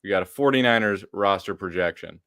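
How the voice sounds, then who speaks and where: A man co-hosting a football talk show with a lowish voice. He jokes in a laid-back way, and the recording is dry with no room sound. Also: fairly quick, a bit bright, clear, resonant tone, dry recording. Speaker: podcast co-host. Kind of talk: casual sports chat.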